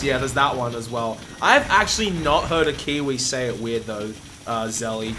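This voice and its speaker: A man's voice: mid-range voice, background noise. A man chatting casually on his live stream, rambling and hesitant as he thinks aloud. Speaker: speedrunner streamer.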